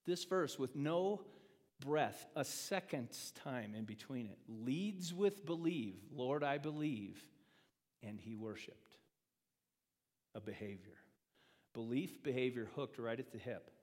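A man preaching a sermon as pastor in a church, acting out quoted speech and swinging from loud, emphatic lines to quiet ones. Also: mid-range voice, animated, slow pace. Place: church sanctuary. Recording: long reverb of a church hall.

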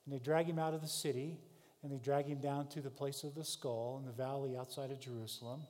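A man preaching a sermon, telling a vivid story in the second person, rising to shouts and dropping to hushed tones. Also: medium pitch, steady tone, fairly quick. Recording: long hall reverb.

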